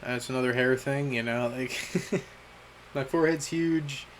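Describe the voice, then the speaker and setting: A young man speaks at an ordinary middle pitch in a candid message to his future self, halting and stopping to restart his sentences. His self-critical talk comes in short bursts between pauses, over a faint hiss. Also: a bit bright, low-quality recording. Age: young adult. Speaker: vlogger.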